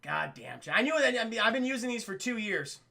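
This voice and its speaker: A man streaming a casual spoiler film review, rambling and swearing as he keeps talking to his chat, tipsy and animated, from a home streaming setup. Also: sits high, brisk, vocal fry. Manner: half-drunk, animated storytelling.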